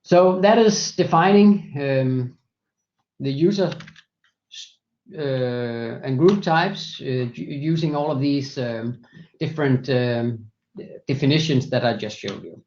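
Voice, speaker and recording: A man presenting a software product in a screen-share demo, walking through steps methodically with frequent hesitations. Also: mid-range voice, slow, dull audio. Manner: many fillers and restarts, methodical walkthrough.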